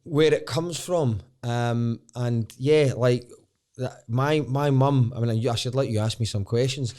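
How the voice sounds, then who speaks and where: A man's voice: mid-range voice, measured pace, darkish tone. A man with a Glaswegian accent, a stand-up comedian guesting on a podcast and telling his story candidly, rambling and restarting sentences and swearing casually. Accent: Scottish, Glaswegian.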